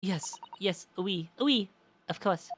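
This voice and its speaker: A man's voice: high voice, slow, a bit bright, pitched above the performer's own voice, exaggerated voice. A man voicing a fussy older French woman who runs a wax museum, with a put-on French accent and a hesitant, flustered way of talking. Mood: fretful.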